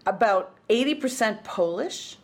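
A woman in her sixties from Wisconsin with a light Midwestern accent, talking as a guest in a casual interview, reflective and pausing with fillers. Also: medium pitch, expressive. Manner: reflective, frequent fillers and restarts.

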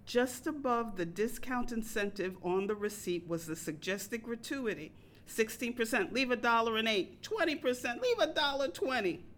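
A woman reading a personal story aloud in a wry, deadpan manner. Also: mid-range voice.

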